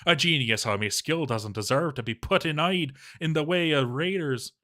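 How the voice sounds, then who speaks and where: A man's voice: fairly high pitch, moderate pace, sharp tone. A man voicing a cowardly, grumbling male dwarf pump operator in a put-on Irish-sounding accent, swearing and self-pitying. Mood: indignant.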